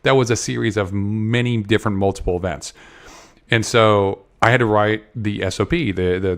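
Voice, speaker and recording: Rambling low-voiced man telling a story. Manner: rambling, many restarts and repeated words. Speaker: podcast guest. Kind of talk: casual storytelling interview.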